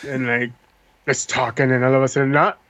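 A man's voice: medium pitch, flat delivery, brisk, a bit bright, no room sound. A man in a casual podcast chat, ranting in a frustrated, profane way. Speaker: podcast co-host.

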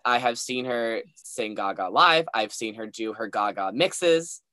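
A young man with a medium-pitched voice co-hosting a casual recap chat. He rambles and hedges, circling back and restarting his sentences as he thinks aloud. The recording is close and dry. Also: animated, measured pace, bright, forceful tone, no echo. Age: young adult. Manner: rambling and hedging, restarts often. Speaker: co-host.

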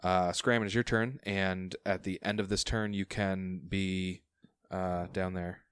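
A man's voice: low voice, level tone, unhurried, a bit bright, smooth, no echo, studio quality. A man narrating and refereeing a tabletop role-playing game as game master, in a loose, chuckling way. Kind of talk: running a tabletop game over chat.

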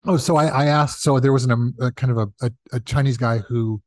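Animated man telling stories. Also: medium pitch, brisk, dry recording, clean studio sound. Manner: animated, acts out quoted voices. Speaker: guest, comedy writer. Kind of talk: casual storytelling in conversation.

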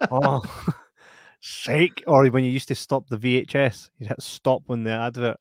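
A Scottish man co-hosting a relaxed film chat. He jokes around and laughs a lot. His voice sits at a middle pitch and sounds dry and close. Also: unhurried, dry recording. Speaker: podcast co-host. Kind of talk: casual film review chat.

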